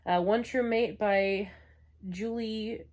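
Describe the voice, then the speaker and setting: A woman's voice: medium pitch, fairly even intonation, takes it slowly, a little mellow. A young adult woman chatting casually as a book vlogger, frank and exasperated, rambling with lots of filler words. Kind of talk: casual book review chat.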